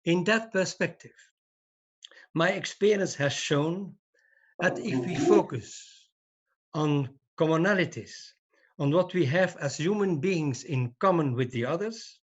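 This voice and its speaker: Slow, measured older man on a call. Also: a little high, expressive. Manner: measured, deliberate. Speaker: conference speaker. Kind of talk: formal conference talk. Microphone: video call. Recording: dull lo-fi video call audio.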